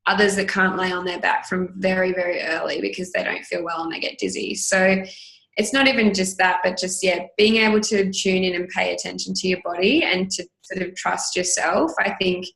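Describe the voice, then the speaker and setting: A woman with an Australian accent, a Pilates instructor chatting casually as an interview guest, with relaxed ums and trailing sentences. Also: fairly low pitch, creaky. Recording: roomy echo.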